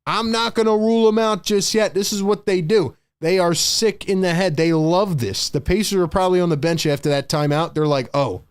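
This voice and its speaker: A young man with a slightly high voice calls a basketball game live for his stream, fired up and chatty. He hollers at big shots, begs the chat for likes and jumps between plays and hot takes. His delivery is loose, fast and animated, like a fan behind a desk mic. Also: smooth, dry recording. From Philadelphia area. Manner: excitable, hypes the chat, shouts at big plays. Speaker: live stream host doing play-by-play.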